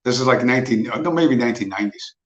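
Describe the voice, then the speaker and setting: A man's voice: medium pitch, animated, fast, fairly bright tone. Profane ranting man in his fifties. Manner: blunt, profane and mocking. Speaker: livestream host. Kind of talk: casual ranting monologue. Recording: roomy, dull lo-fi sound.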